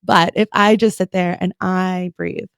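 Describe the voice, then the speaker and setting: A woman's voice: fairly low pitch, level tone, a little slow, smooth, dry recording, studio quality. A woman in her thirties, a therapist hosting a podcast interview, chatting casually and sharing parenting stories. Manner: conversational, shares parenting stories, frequent fillers.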